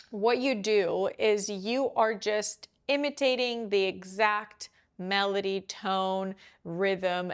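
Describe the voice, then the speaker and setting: Young woman, mid-pitched, chatty, casual pronunciation lesson, talking straight to the viewer. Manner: chatty, often checks in with "right?" and "you know". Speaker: English pronunciation coach. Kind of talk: casual teaching to camera.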